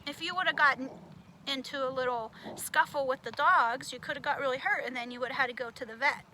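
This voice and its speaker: A woman teacher leading a children's puppet lesson, patient and gently explaining. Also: high voice, quick pace, slight background noise.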